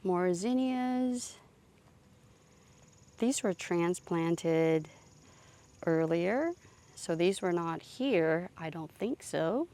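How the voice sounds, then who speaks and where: A woman's voice: fairly low pitch, lively intonation, extremely slow, long pauses, dark tone. A woman giving a casual, chatty tour of her outdoor garden, thinking aloud as she films on a phone. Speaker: gardening vlogger.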